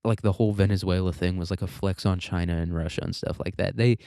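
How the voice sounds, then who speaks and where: A man's voice: deep voice, fairly even intonation, fast, creaky, warm tone, dry recording, studio quality. A man hosting a casual political commentary monologue, sarcastic, profane and rambling, and a little congested with frequent coughing. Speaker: podcast host.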